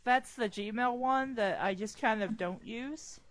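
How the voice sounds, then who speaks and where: A woman's voice: fairly high pitch, a little slow. A woman friend on a call, chatting casually in a laid-back, teasing way. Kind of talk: casual chat.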